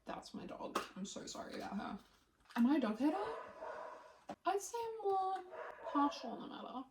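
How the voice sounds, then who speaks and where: A woman's voice: high voice, sing-song, normal speed. Playful, sweary young woman vlogging. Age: young adult. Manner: playful, self-deprecating, swears casually. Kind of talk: casual chatty vlog. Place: bedroom at home. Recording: roomy home recording, mic at a distance, clear background noise.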